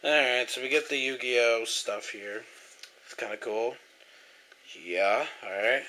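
A man's voice: medium pitch, unhurried, pushed and bright, slight background noise. A young man doing a casual unboxing vlog at home on a camera mic, rambling, swearing often and getting easily frustrated. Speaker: vlogger. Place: indoors at home.

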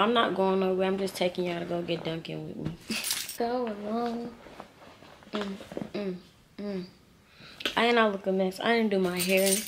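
A young woman chats to her viewers, calling them y'all and giving a running commentary as she vlogs. She talks into a handheld phone camera. The recording is noisy, with steady sound behind her voice. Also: medium pitch. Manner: chatty, addresses viewers as y'all. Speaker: vlogger. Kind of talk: casual vlog talk to camera.

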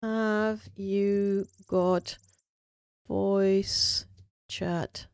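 A woman's voice: mid-range voice, flat delivery, extremely slow, creaky, smooth, dry recording. A woman streaming a building game, chatting casually with viewers and thinking aloud with lots of fillers. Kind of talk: casual live-stream chat.

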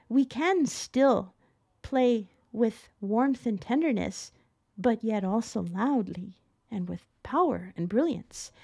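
A middle-aged woman teaching piano in a chatty, expressive way, often laughing as she explains. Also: a little high, gravelly. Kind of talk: casual spoken tutorial.

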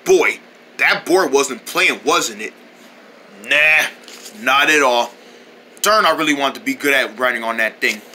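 A performer voicing a big, clumsy, stubborn male puffin in a cartoon skit, with a slow, low drawl. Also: sharp tone, slight background noise. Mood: disappointed.

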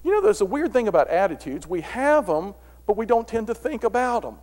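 A middle-aged philosophy speaker with a high, fairly quick voice gives a motivational talk to an audience in a large room. He's an animated storyteller who acts out the dialogue, and the recording carries long hall reverb.

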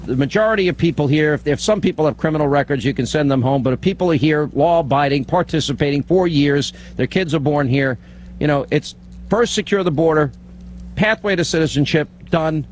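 A man's voice: on the high side, brisk, darkish tone, a little hiss or hum, low-quality recording. A man giving a firm talk radio monologue, stating his position in short, emphatic sentences. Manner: assertive, emphatic. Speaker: radio host.

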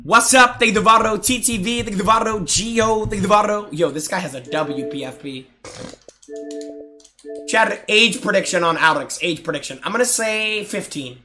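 A young man streaming a game live, chatting loudly and excitably with viewers, often breaking into shouts and laughs. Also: high-pitched, moderate pace, soft background music. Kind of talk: live gaming stream chat.

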